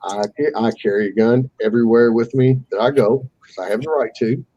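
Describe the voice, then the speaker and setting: A man with a dark, husky voice tells a story in a loose, animated way. He swears freely and acts out the voices of the people he quotes. The sound is muffled and lo-fi, like a call. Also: mid-range voice, brisk, no room sound. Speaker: caller telling a fishing story. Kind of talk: casual storytelling on a live call.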